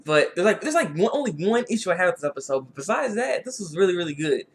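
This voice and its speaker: A man's voice: high voice, very animated, quick pace. A man giving a casual spoken video review, rambling and repeating himself with frequent restarts.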